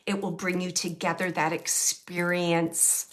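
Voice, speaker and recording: A woman medium relaying messages to an audience member, speaking softly, often dropping to a hush, with frequent restarts. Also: on the low side, little pitch movement, measured pace. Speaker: medium giving readings. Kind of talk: live mediumship reading to an audience.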